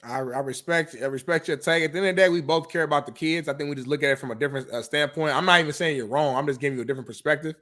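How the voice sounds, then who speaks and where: A man co-hosting a sports talk show, answering in a calm, measured, conciliatory way. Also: fairly high pitch. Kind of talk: sports debate.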